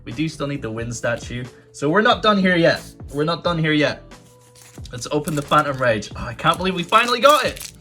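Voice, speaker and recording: Excitable man with a bright, lively voice. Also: on the high side, a little fast, soft background music. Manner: excitable, swings from grumbling to shouting and swearing. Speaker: YouTube card-opening host. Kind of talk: casual pack-opening commentary.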